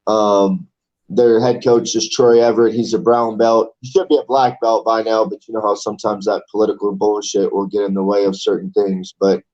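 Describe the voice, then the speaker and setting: A man's voice: lowish voice, little pitch movement, normal speed, darkish tone, highs cut off. A man in his forties, a fighter guest in a casual interview, talking in a loose, rambling way and swearing casually. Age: 40s. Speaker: amateur MMA fighter, guest.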